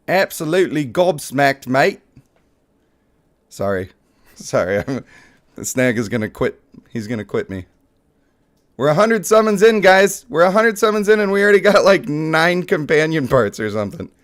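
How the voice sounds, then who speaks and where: A man's voice: on the high side, normal speed. A young man hosting a live mobile game stream, joking and hyping up his pulls for chat. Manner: playful, excitable, joking with chat.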